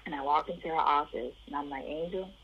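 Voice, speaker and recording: A woman's voice: low voice, fast, slightly rough, lo-fi sound. A woman from the Chicago area telling her life story in an interview, acting out the voices of the people in it.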